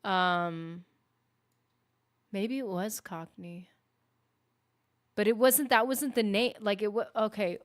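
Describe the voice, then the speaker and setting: A woman's voice: mid-range voice, slow pace, long pauses. Woman streamer, casual live-stream chat, rambling, self-correcting. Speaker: gaming streamer.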